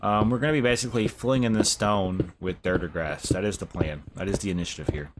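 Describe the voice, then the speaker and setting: A young man talks loosely over his gameplay, cursing and tossing in bro. His voice sits a little low. Steady noise and clicks run under it. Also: quick pace. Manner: laid-back, swears, says bro a lot. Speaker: live streamer. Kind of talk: casual gameplay commentary.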